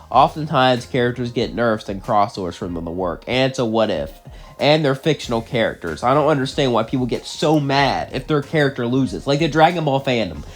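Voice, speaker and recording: Ranting young male storyteller with slight cough. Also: mid-range voice. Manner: animated, exasperated ranting. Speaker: channel host, narrator. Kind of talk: casual storytelling and rant.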